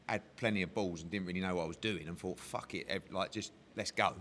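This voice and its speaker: A man who works as a boxing promoter, talking candidly in a casual interview, animated and swearing freely as he tells stories. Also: deep voice, fast. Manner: animated, heavy swearing, emotional storytelling.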